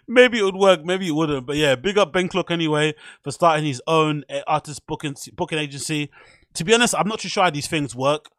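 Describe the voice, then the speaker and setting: A man's voice: on the high side, a little fast, a bit bright, dry recording, studio quality. A man hosting a solo podcast, chatting casually in a joking, self-mocking way. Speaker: podcast host.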